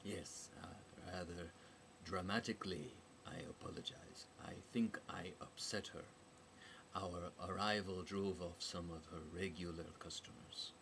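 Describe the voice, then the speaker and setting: A man voicing a quiet, formal, apologetic gentleman in a storybook reading. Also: sits low, fairly even intonation, a little slow, gravelly, a little hiss or hum, full character voice. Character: polite apologetic man, weary.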